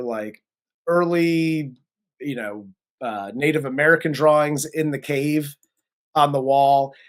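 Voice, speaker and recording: Host recapping a film, profane and animated. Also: medium pitch. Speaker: podcast host. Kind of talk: casual film recap and review.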